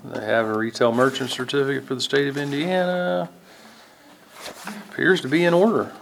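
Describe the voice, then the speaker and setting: A man's voice: medium pitch, fairly even intonation, moderate pace, vocal fry, slight background noise. Man chairing a public board meeting.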